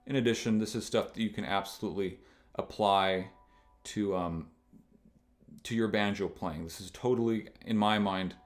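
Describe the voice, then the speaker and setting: A man with a fairly low voice explains rhythm ideas for the banjo in a loose, unscripted lesson. He rambles and restarts often, with plenty of fillers, and stops to count beats out loud. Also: steady tone, moderate pace. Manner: rambling, thinks aloud with many restarts and fillers; counts beats aloud while demonstrating. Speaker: banjo teacher. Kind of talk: casual instructional explanation.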